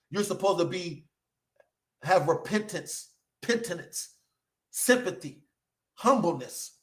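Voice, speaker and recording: Brief: passionate male scripture teacher, higher pitch, emphatic repetitions, list-driven delivery. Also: fairly bright tone. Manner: impassioned, repeats and slows words for emphasis, lists. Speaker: preacher.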